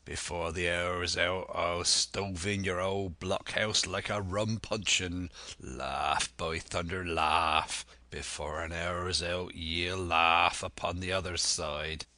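A man voicing a gruff, menacing one-legged old pirate in an audiobook, speaking with rough seafaring threats. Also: low voice, steady tone, slow, few pauses, bright, forceful tone, dry recording, heavily acted. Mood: furious. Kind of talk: audiobook character voice.

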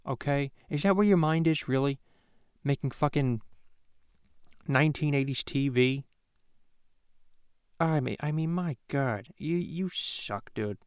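A man's voice: fairly high pitch, measured pace, long pauses, clean tone, no room sound, studio quality. A man hosting a comedy podcast, ranting and swearing in a rambling way with many restarts. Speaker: podcast host. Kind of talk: profane comedic rant. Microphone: podcast microphone.

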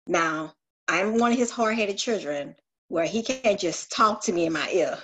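A woman's voice: medium pitch, expressive, normal speed, fairly bright tone, slightly rough. A woman earnestly sharing a personal spiritual story on a group call, confessional and searching, with frequent restarts.

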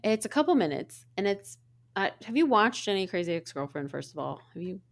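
A woman in her thirties co-hosting a casual chat show, telling stories with sudden jumps in excitement and plenty of swearing. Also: fairly quick. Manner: animated storyteller, swears freely, pitch jumps up when excited. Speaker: podcast co-host.

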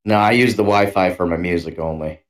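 A man's voice: low voice, fairly quick. A man co-hosting a casual podcast, easygoing and rambling, chuckling mid-sentence. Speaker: podcast co-host. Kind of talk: casual chat.

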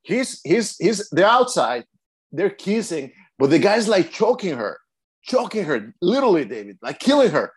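A young man with a fairly high voice rambles through a story on a casual podcast. He stumbles and restarts often and keeps dropping in "man.". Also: big pitch swings, normal speed, husky. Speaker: podcast co-host. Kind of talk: casual chat.

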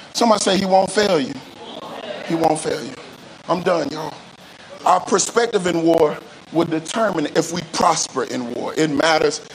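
High-voiced man preaching with call-and-response. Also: a little hiss or hum, poor audio. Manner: call-and-response preaching, often rising into shouts and sung phrases. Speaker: pastor. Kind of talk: sermon. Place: church service.

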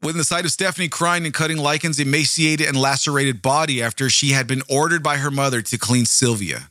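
A man's voice: mid-range voice, brisk, hardly any pauses, pushed and bright, no echo, clean studio sound. A man hosting a true-crime show, reading the case aloud and breaking off into blunt, profane asides to his listeners. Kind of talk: true-crime narration with commentary.

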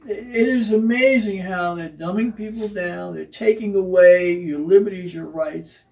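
High gravelly man, rambling co-host. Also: moderate pace, darkish tone. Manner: rambling, jokey, many fillers. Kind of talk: casual political talk show banter. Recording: voice from a distance off the mic.

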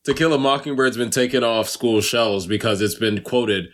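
A man's voice: mid-range voice, moderate pace. A man co-hosting a podcast, chatting casually in slangy talk and slipping into jokey voices. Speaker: podcast co-host. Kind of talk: casual chat.

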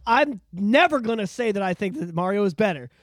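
A man co-hosting a podcast in casual chat, jokey and quick to riff. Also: high-pitched, animated, no room sound, clean studio sound. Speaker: podcast co-host.

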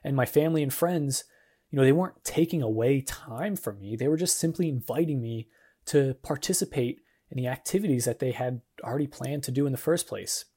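Casting note: young adult male podcast host, mid-pitched, earnest and encouraging devotional chat. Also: brisk, warm tone, slightly rough. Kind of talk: casual devotional podcast monologue.

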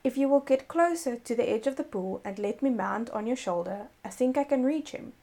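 A woman reads an old fairy tale aloud, her voice pitched a little high with a gravelly edge at the bottom. She tells it gently and steadily, like a bedtime story, and stops now and then to fix a stumbled word. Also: expressive, brisk. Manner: gentle read-aloud storytelling with self-corrections.

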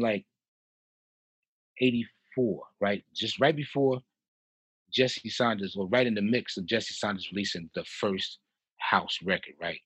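Husky-voiced man telling stories. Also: fairly low pitch, measured pace, pauses often, no echo, poor audio. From Chicago. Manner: animated, laughs often, repeats and restarts. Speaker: guest, house music producer. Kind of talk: casual storytelling in a podcast interview.

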